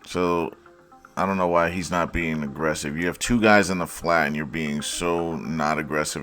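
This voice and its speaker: A man with a low, deep voice walks through football game film in a casual breakdown, blunt and sarcastic as he pokes fun at the blown plays. Soft music plays faintly behind him. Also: normal speed.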